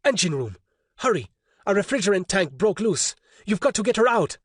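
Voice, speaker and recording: Panicky, swearing captain, pitched up and pushed loud, done by a male narrator. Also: big pitch swings, normal speed, slightly rough, dry recording, studio quality, heavily acted. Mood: frantic. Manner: anxious, cursing. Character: frantic, foul-mouthed male ship captain.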